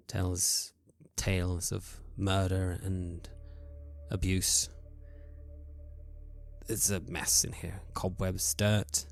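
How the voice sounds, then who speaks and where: A man running a tabletop horror game as game master, narrating scenes in a slow, hushed way with small hesitations. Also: low voice, slight background noise.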